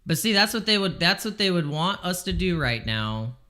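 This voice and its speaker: A man live-streaming crypto trades in casual chat, excitable and exasperated, swearing freely as he talks. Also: high voice, moderate pace.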